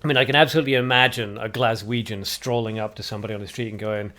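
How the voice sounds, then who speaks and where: A man's voice: fairly low pitch, fairly even intonation, racing, pushed and bright. A man hosting a livestream, commentating a card game tournament play by play while joking with viewers in chat. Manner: chatty and jokey, banters with viewers. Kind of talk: live game commentary mixed with chat replies.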